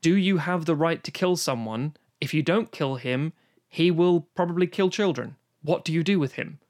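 Man, casual film chat, somewhat high voice, animated, swears a lot. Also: moderate pace. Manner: animated, swearing, acts out quotes. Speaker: podcast guest discussing films.

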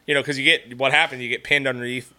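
A man with a bright, forceful voice hosts a casual podcast. He tells a rambling, profanity-laced story and breaks into laughter often. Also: medium pitch, little pitch movement, quick pace. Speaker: podcast host.

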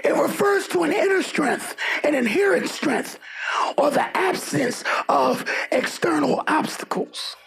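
A man preaching a sermon, shouting with fervor and humor, calling on the congregation to answer back. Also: very high voice, expressive, measured pace, creaky. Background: loud music.

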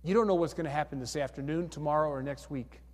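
Pastor making an altar call in a reverberant church. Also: male voice, on the high side, fast, darkish tone. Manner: coaxing, repetitive, calls for hands again and again. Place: church sanctuary.

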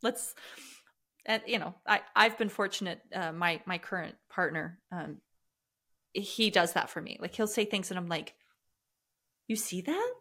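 A woman hosting a podcast, chatting in an animated, warm-hearted way. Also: on the low side, measured pace, long pauses. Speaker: podcast host. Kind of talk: casual interview conversation.

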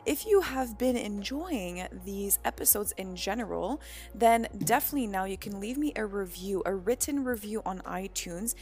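Laughing, animated woman podcast host. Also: mid-range voice, moderate pace, soft background music. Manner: laughing, swearing, animated storytelling. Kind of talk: casual spiritual podcast talk.

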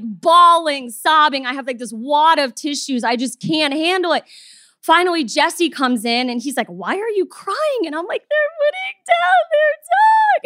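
High-voiced woman telling a personal story. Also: no echo, clean studio sound. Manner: expressive, acts out the people she quotes. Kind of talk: personal story told to an audience.

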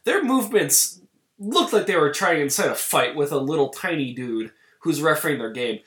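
A man's voice: on the high side, animated, moderate pace, a bit bright, reverberant. A man co-hosting a casual podcast, talking bluntly and with exasperation, swearing now and then. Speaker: podcast co-host.

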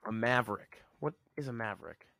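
A man's voice: mid-range voice, a little fast, creaky, bright, forceful tone, no echo. A man hosting a podcast, rambling sarcastically in a casual solo rant and chuckling at his own jokes. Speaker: podcast host.

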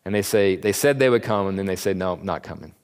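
A man with a fairly low voice leads a relaxed Bible lesson, chatting, joking and slipping into the voices of the people he describes. His words ring out with a long reverb, as if spoken in a big hall. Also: smooth. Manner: conversational, jokey, acts out the characters in quick asides. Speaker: Bible teacher. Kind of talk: casual Bible teaching.

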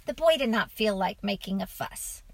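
A woman narrating a children's storybook in a calm, even reading voice. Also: medium pitch, moderate pace, creaky, no echo, rough recording.

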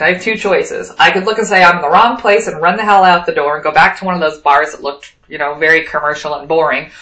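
A woman with a somewhat low voice tells a rambling personal story in a lively, casual way and jumps into the voices of the people in it. She sounds like she is in an echoey room. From Wyoming. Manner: lively anecdotal, acts out quoted dialogue.

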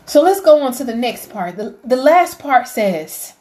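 Woman, devotional vlogger, slow and emotional, preacherly swells. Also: high-pitched, sing-song, mellow. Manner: emotional, preacherly, rising to fervent appeals. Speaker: faith vlogger. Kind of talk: heartfelt devotional talk.

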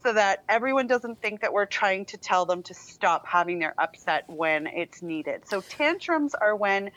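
A woman co-hosting a parenting chat, explaining calmly and step by step. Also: medium pitch, moderate pace, rough recording. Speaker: parenting podcast co-host. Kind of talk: casual chat.

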